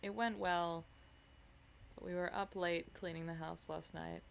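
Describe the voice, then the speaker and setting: A woman's voice: lowish voice, steady tone, unhurried, creaky, slight background noise. A sleepy woman streamer chatting casually with her viewers in a rambling, self-mocking way before reading a novel aloud.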